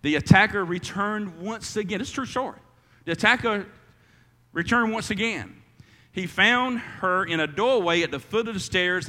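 A man's voice: high voice, bright, forceful tone, long reverb tail. A man preaching a sermon as pastor, stumbling through restarts and fillers and rising to emphatic calls.

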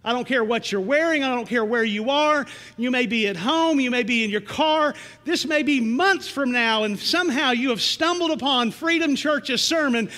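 A man preaching a sermon in a church, earnest and slowing down with rising emphasis on key lines. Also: very high-pitched, expressive, pushed and bright, big-room sound. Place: church sanctuary.

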